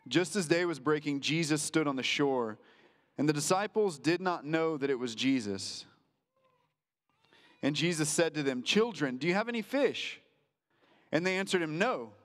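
A male pastor preaching a sermon in a conversational way, slowing down for emphasis and acting out quotes. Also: on the high side. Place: church sanctuary. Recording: reverberant church hall.

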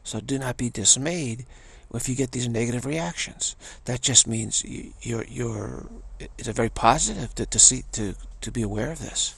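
An older man with a gravelly, husky voice gives a meditative spiritual teaching, speaking haltingly with frequent restarts and pauses. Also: medium pitch, fairly bright tone, no room sound.

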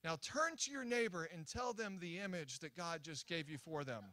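Excitable high-voiced young preacher man. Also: moderate pace. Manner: animated, excitable, acts out quotes, many restarts. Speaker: guest preacher. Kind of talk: sermon storytelling. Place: church sanctuary.

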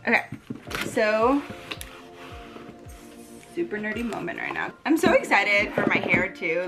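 A young woman chatting excitedly in a casual home beauty vlog, gushing and bubbly. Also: medium pitch, a little slow, pauses often, over loud music. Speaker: beauty vlogger.

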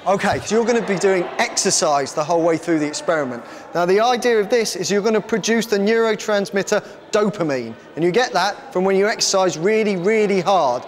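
A man presenting a live science show on stage, energetically bossing volunteers around and shouting instructions. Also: high voice, brisk, hardly any pauses. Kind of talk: lively live science demonstration.

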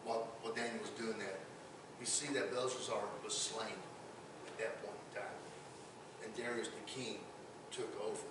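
A man's voice: fairly low pitch, level tone, normal speed, long pauses, background noise. A man preaching a sermon as pastor, emphatic, often repeating words as he builds a point. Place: church sanctuary. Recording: echoey church sanctuary, distant mic.

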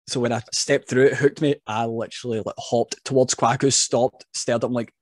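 A man's voice: mid-range voice, normal speed, no room sound, studio quality. A man, a wrestling referee guest, telling stories in a casual chat and laughing at himself. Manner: animated storyteller, laughs at himself.

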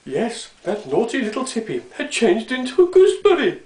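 A male storyteller reads a children's book aloud, with lots of expression. His pitch swoops up and down to carry the story along. The recording is echoey and roomy. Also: moderate pace. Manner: expressive, animated reading.

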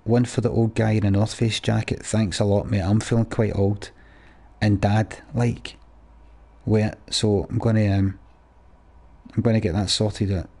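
A man's voice: on the low side, level tone, unhurried, mellow. A man streaming a video game, thanking donors one by one with crude, sweary banter. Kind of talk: casual live-stream chat.

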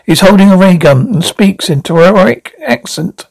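A man's voice: high-pitched, animated, normal speed, creaky, no echo, poor audio. A man reading stage directions aloud in a plain way, with slips and restarts. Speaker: reader.

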